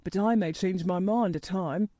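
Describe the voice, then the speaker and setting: A woman doing a hoarse old gardener man. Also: medium pitch, normal speed, warm tone, no echo, natural voice. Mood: moved. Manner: gruff, hoarse, dialect speech. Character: gruff old male gardener, gruff and stubborn.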